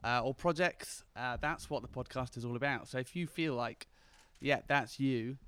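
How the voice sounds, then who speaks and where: A man's voice: mid-range voice, moderate pace, fairly bright tone, smooth. A man who hosts his own podcast, speaking easygoingly as a guest at a live event. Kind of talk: casual live chat.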